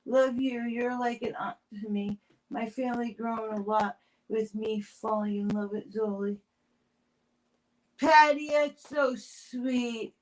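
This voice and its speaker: A woman's voice: on the high side, slow, rough recording. Chatty woman hosting a craft livestream. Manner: rambling, warm toward chat viewers, many restarts. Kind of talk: casual livestream chat while crafting.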